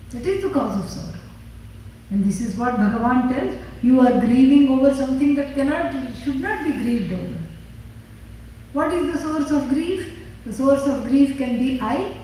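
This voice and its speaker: A woman's voice: a little high, dark tone, a little hiss or hum. A woman teaching scripture in a lecture, asking questions and answering them herself with dry humor. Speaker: spiritual teacher. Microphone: phone in the audience. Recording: very echoey hall, far from the mic.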